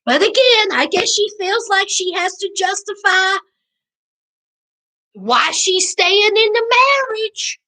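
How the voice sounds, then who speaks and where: A woman hosting a live-stream recap, chatting with her viewers in an animated, preachy way. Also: very high voice, takes it slowly. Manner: animated, preachy, Southern slang, addresses chat as y'all. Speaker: reality TV recap host.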